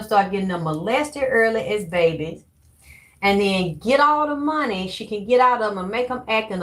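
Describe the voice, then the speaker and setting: A woman vlogger talking in a rambling, emphatic, profane casual monologue. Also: medium pitch.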